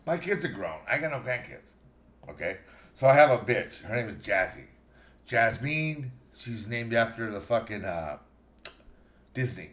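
A man's voice: mid-range voice, very animated, measured pace, pauses often, a bit bright, reverberant. A middle-aged man hosting a podcast, rambling and brash with constant swearing in casual banter and storytelling. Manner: brash, heavily profane, rambling.

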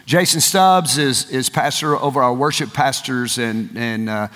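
A male pastor preaching a sermon, impassioned and often shouting, turning to the crowd with asides. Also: mid-range voice, a little slow, long reverb tail.

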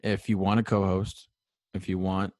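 Breathless deep-voiced young man podcasting. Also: level tone, moderate pace, darkish tone, dry recording. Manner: rambling, filler-heavy, self-deprecating. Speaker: solo sports podcast host. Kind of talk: casual rambling sports podcast.

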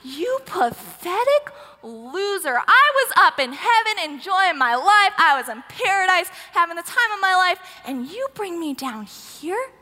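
A woman's voice: very high voice, sing-song, unhurried, sharp tone, pitched above the performer's own voice, exaggerated voice. A woman doing a furious prophet's ghost. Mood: scornful. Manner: scornful, scolding. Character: furious male spirit of a dead prophet. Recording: roomy hall with long echo.

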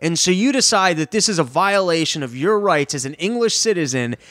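A man chatting casually as a podcast host, laying out a scenario in an animated way. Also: high-pitched, fairly quick, dry recording, studio quality. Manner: animated storytelling, sets up bits. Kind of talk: casual chat.

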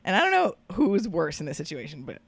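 A woman guest on a podcast, telling a story in casual chat, animated and laughing often, swearing casually. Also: on the low side, quick pace, gravelly, breathy edge, no echo.

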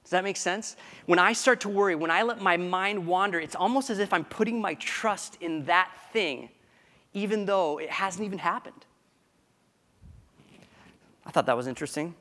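A male pastor delivers a sermon in a casual, conversational way. His voice sits a little high for a man, and he often restarts phrases mid-thought. He keeps checking in with his listeners with quick questions. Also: pushed and bright. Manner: conversational preaching with frequent restarts and questions to the congregation.

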